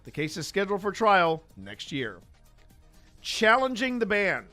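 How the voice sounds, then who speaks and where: A man putting on an Australian accent to read out a news story in a loud, drawn-out, theatrical way. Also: sits high, sing-song, soft background music, exaggerated voice. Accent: put-on Australian. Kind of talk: comic news reading.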